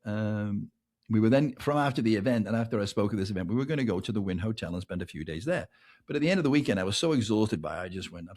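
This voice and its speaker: A middle-aged man with an English accent hosting a podcast, telling a long personal anecdote in a lively way and often asking "right?". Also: lowish voice, fast talker. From England. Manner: animated anecdote telling, keeps adding "right?", laughs between lines. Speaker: podcast host. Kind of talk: casual storytelling monologue.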